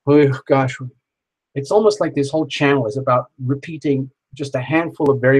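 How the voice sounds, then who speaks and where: On his live tarot stream, a husky-voiced man with a pitch right in the middle of the range addresses viewers by name, softly offering the same comforting affirmations again and again. The audio quality is poor.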